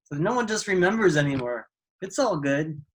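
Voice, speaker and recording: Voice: mid-range voice, expressive, moderate pace, natural voice. A storyteller voicing a strange, grinning old man who talks in an easygoing, knowing way. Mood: welcoming. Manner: chuckling, easygoing, fond.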